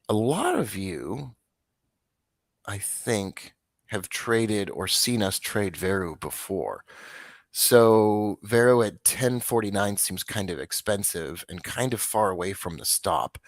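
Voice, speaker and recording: Deep-voiced man, dry rambling market talk. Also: gravelly, no room sound. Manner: rambling, self-interrupting, offhand; dry, flat disclaimer tone. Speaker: stock market show host. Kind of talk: casual market commentary.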